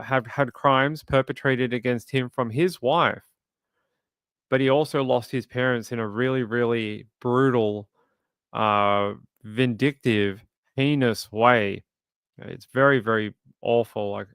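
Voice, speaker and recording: Casual streamer host, man, smooth voice, close dry mic, reads chat with sympathy. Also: mid-range voice, a bit bright, no echo. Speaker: true crime livestream host. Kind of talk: casual livestream chat, reading viewer comments.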